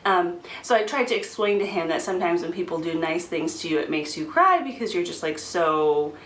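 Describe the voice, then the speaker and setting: A young woman chatting casually to her camera, in a slightly low voice and a talkative manner, often slipping in ums. The recording carries a roomy echo from a home room with a faint background hiss. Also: lively intonation, fairly quick, a bit bright. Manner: chatty, frequent laughs and ums. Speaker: vlogger. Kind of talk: casual pregnancy update vlog.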